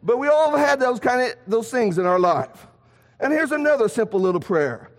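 A man preaching a sermon in a church, animated, asking rhetorical questions and swinging between loud and soft. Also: extremely high pitch, normal speed. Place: church sanctuary. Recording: long hall reverb.

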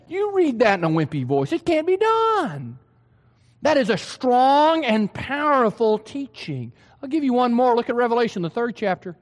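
High-voiced preacher man. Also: very animated, moderate pace, in a large hall. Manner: emphatic, asks the hearers questions. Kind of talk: sermon.

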